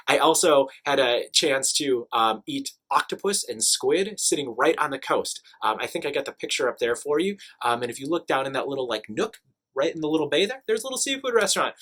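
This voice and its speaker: A young man tells a travel story straight to the camera in a chatty, animated voice. His tone is bright and forceful and sits a little high for a man, and he keeps the talk loose with plenty of ums and asides. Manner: animated, chatty, many fillers. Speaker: teacher telling travel stories.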